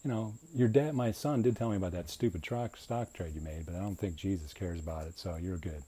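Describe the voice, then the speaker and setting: A man's voice: low voice, a little fast, dark tone, a little hiss or hum, close to an everyday voice. A man voicing his elderly father as a cheerful, joking old man who reassures a friend in heaven. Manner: jokey, reassuring, informal.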